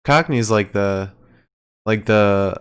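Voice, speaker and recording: A man co-hosting a podcast, recapping matches in relaxed, low-key casual chat with frequent fillers. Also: slow, clear, resonant tone. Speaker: podcast co-host.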